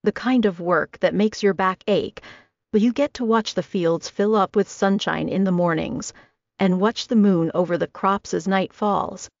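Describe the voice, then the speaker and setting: A woman reading an audiobook voices a tender, caring young man who talks in a soft, confiding way. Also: mid-range voice, moderate pace, vocal fry, no room sound, lightly acted. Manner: gentle, hushed and confiding. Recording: dull lo-fi dry recording.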